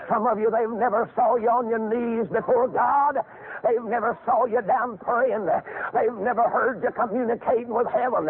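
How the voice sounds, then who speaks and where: Fiery high-voiced older preacher. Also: male voice, steady tone, normal speed, a little hiss or hum. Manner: folksy storytelling that rises into shouted exhortation. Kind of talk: fiery revival sermon. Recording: tinny phone-like lo-fi recording.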